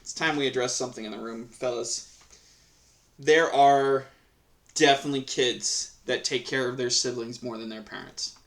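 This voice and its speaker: A man's voice: mid-range voice, steady tone, moderate pace. A man reading Reddit stories aloud and reacting in casual commentary, swearing freely and ranting with lots of restarts. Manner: profane, heated ranting; rambling with frequent restarts. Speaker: Reddit story reader and commentator.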